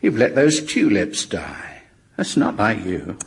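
A deep, halting ghost. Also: male voice, big pitch swings, creaky, full character voice. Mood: tender. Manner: halting, apologetic, tender. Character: gentle, awkward male ghost professor. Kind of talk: radio comedy acting.

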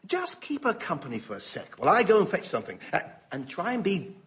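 A man's voice: high-pitched, huge pitch swings, quick pace, fairly bright tone. A man playing a fussy host who is eager to please at a Christmas gathering. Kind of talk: sitcom acting.

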